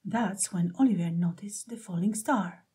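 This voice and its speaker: A woman reading a children's picture book aloud in a gentle, expressive way. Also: mid-range voice, normal speed, slightly rough. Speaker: storybook reader.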